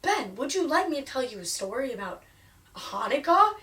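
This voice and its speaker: A woman's voice: high voice, big pitch swings, moderate pace, sharp tone, far from the mic, exaggerated voice. A woman voicing a flustered grown man who keeps trying to tell a story, in an earnest manner.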